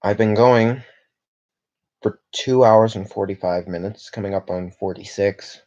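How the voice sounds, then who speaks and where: A man's voice: lowish voice, unhurried, darkish tone, muffled recording. A young man from Canada chatting casually on a livestream, rambling and reading viewer comments aloud with lots of fillers. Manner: rambling, reads chat aloud, filler-heavy.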